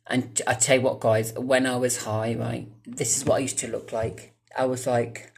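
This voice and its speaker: A man in his mid-thirties speaks at a middling pitch in a loose, casual storytime. He wanders off track, curses often and keeps turning to chat directly with his viewers. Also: little pitch movement, moderate pace, creaky. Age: 30s. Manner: rambling, swears freely, chatty asides to viewers. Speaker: vlogger.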